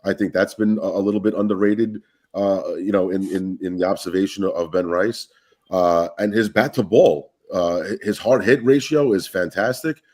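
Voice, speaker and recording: A man's voice: deep voice, darkish tone. A man from Brooklyn with a Brooklyn New York accent, a guest on a casual live-stream sports chat, who often restarts his sentences. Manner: halting, restarts his words.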